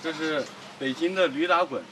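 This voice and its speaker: A man's voice: fairly high pitch, normal speed, a bit bright, a little hiss or hum, poor audio. A man selling street food, answering briefly and in a friendly way.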